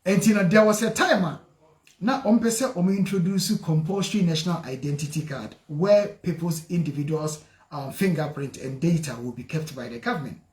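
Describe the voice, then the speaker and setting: A man's voice: a little high, fairly quick, roomy sound. A man hosting a call-in legal advice radio show, mixing Twi and English. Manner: lively, laughs easily, switches between Twi and English.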